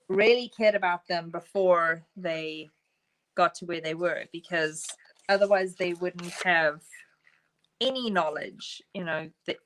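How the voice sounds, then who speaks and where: Bright-voiced chatty woman crafting. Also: fairly low pitch, low-quality recording. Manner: chatty, laughs often, talks to her pet birds. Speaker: craft stream co-host. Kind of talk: casual chat while painting.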